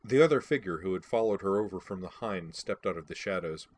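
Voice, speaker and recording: A man narrates a first-person audiobook in a wry, dry-humored manner. His voice is very low and a little husky, and the telling is steady and lightly amused. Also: fairly quick.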